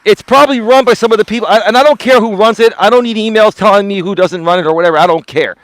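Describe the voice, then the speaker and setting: A man's voice: high voice, fast talker, no room sound. A man, a life coach, talking on a live walking stream in an indignant, lecturing way, often repeating himself. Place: outdoors walking.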